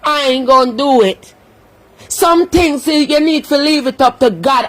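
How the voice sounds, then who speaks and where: A woman's voice: sits high, a little slow, slight background noise. An angry woman ranting on a livestream, cursing and scolding, sometimes breaking into prayer. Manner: heated, cursing, scolding, prays aloud. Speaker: social media commentator.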